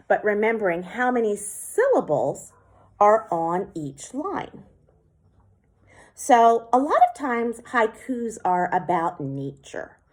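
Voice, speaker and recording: Slow, lively-voiced woman teaching children. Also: medium pitch. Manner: slow, clear, clapping out syllables. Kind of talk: classroom lesson for children.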